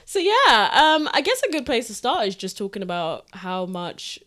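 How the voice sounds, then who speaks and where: A young woman co-hosting a podcast in casual chat, chatty and quick to laugh. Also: a little high, very animated, fairly bright tone. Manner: giggly, chatty, frequent laughter. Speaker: podcast co-host.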